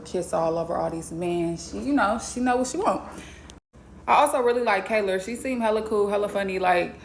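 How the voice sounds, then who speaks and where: Blunt, gravelly-voiced woman vlogger. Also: fairly low pitch, slight background noise. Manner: blunt, profane, slangy and chatty. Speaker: vlogger reviewing a TV show. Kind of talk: casual recap vlog.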